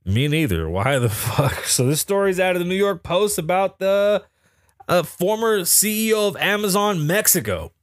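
This podcast host has a high voice with lively intonation and talks at normal speed. He riffs casually on weird news, laughing, cursing freely and wandering into asides, in a studio-quality recording with no room sound.

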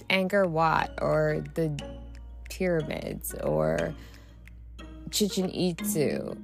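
Low-voiced woman in a profane, rambling rant. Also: vocal fry. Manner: heated and frustrated. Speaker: podcast host. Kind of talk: solo podcast monologue.

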